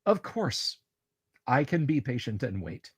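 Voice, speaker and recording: A man voicing a hovering spherical robot in a tabletop game, speaking politely and formally in a measured way. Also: medium pitch, very animated, husky, dry recording, studio quality.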